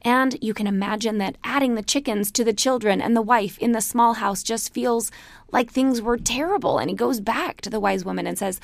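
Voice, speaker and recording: A middle-aged woman gives a casual spoken lecture, drifting into a folk tale as she chats. Her voice carries a gravelly fry, and it sits dry and close to the mic. She laughs easily as she talks. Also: a little high, moderate pace, no room sound. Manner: chatty, storytelling, laughs often. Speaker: class instructor.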